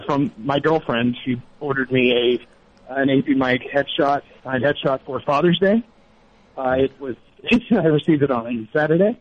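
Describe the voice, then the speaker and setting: A man's voice: medium pitch, highs cut off. Caller: man from Illinois, hesitant, polite, stumbling. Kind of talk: phone-in call.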